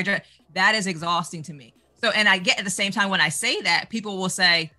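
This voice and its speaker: A woman's voice: on the low side, normal speed, few pauses, bright, forceful tone. A woman with a doctorate speaking on a panel discussion, passionate and outspoken.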